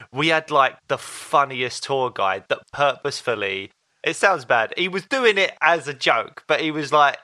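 A man in his thirties co-hosting a podcast, telling stories in a lively way and laughing often. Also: mid-range voice. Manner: animated storyteller, laughs often. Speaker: podcast co-host. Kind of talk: casual chat.

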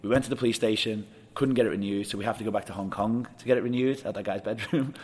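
A young man with a lowish voice tells a long anecdote in relaxed conversation. He laughs often and acts out what other people said as he goes. The talk is casual and lively. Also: fast. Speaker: guest. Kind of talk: casual storytelling chat.

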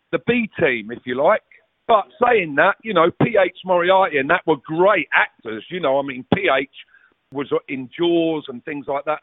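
This is a casual storytelling chat where a guest, a middle-aged ex-footballer, rambles through anecdotes, cursing and starting over as he goes. He speaks on the higher side, and the audio is dry and phone-like with no audible room.

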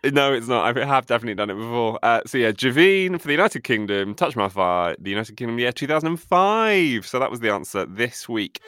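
A man's voice: mid-range voice, animated, fairly quick, few pauses, fairly bright tone, clear, resonant tone. A man co-hosting a podcast in casual chat, running a quiz with a teasing, playful delivery. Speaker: podcast co-host.

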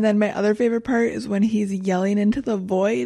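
Mellow-voiced woman chatting. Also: mid-range voice, fairly even intonation, a little fast, gravelly, no echo, clean studio sound. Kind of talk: casual chat.

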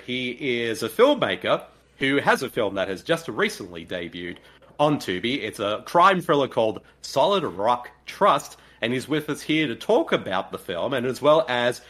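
An Australian man hosts a podcast in casual chat. He is upbeat and animated, and his voice rises and falls a great deal. He often repeats a word for emphasis. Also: medium pitch. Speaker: podcast host.

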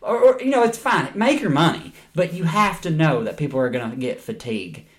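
Podcast co-host, male, loose and jokey, laughs a lot, curses freely, lively voice. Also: on the high side, brisk. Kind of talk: casual chat.

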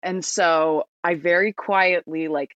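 A woman's voice: on the low side, fairly even intonation, slow, no echo, dull audio. A woman from New York with an American accent, telling a story as a podcast guest in a chatty, giggly way. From New York, United States. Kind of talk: casual storytelling.

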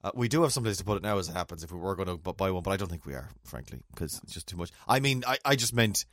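A man's voice: low-pitched, racing, dry recording, clean studio sound. A middle-aged man co-hosting a casual chat, telling funny stories with laughs. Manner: storytelling, lively, full of laughs. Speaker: co-host.

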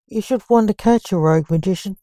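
A woman's voice: medium pitch, fast talker, dark tone, no room sound, lightly acted. A woman voicing a bossy male boss of magicians who snaps and orders curtly. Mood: stern. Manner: curt, commanding.

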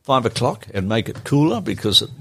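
Gravelly, husky older man. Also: medium pitch, sing-song, a little fast, a bit bright, no echo. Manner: plain-spoken, matter-of-fact recollection. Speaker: podcast guest. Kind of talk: reminiscing interview answers.

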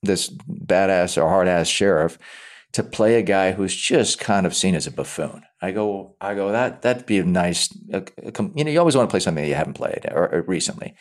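A man's voice: low-pitched, animated, a little fast. A man, an actor, talking casually in an interview, often repeating words as he restarts and acting out quoted lines. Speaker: actor guest.

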